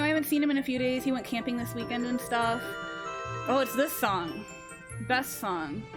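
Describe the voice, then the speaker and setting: A woman in her early twenties, a streamer rambling through a story to her chat and swearing freely as she goes. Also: a little high. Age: early 20s. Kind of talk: casual live-stream chat. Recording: voice over loud background music. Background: music playing under the talk.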